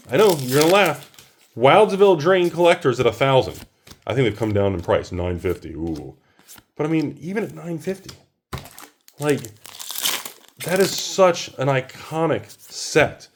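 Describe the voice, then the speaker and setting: A man's voice: medium pitch, a little mellow, a little hiss or hum. A man hosting a card-opening video, ranting casually and exclaiming over each card he pulls. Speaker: host opening card packs.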